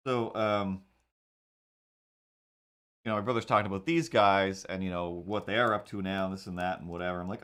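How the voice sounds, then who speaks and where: Rambling, low-voiced man telling stories. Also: steady tone, brisk, pauses often, a bit bright, clear, resonant tone. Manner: rambling, with many fillers and restarts. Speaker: webcomic artist streaming. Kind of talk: casual storytelling while drawing.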